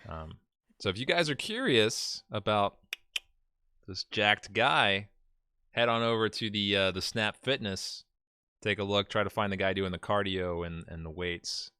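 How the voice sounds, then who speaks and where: A man's voice: on the low side, a little slow, sharp tone, clear, resonant tone, dry recording, clean studio sound. Playful man co-hosting a chat show. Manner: playful, reads profiles aloud with mock drama. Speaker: podcast co-host. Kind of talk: casual chat.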